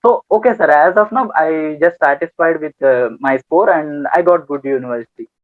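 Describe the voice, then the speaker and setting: A man's voice: on the high side, normal speed, dry recording. Brief: young man, hesitant interviewee, tinny video-call line. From India. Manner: hesitant, many fillers, polite "sir". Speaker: student guest. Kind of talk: interview answers. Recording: tinny phone-like call audio.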